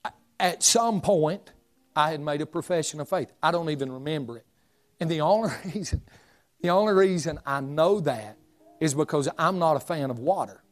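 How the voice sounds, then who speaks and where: A man's voice: on the high side, normal speed. A man, preaching a sermon as a folksy, humorous storyteller. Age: 40s.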